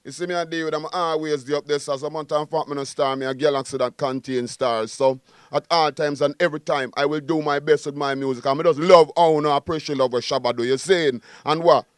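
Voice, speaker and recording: Boastful fast-talking Jamaican man. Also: fairly high pitch, clear, resonant tone, no echo, studio quality. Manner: boastful, animated, repetitive. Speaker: guest musician. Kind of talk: casual interview.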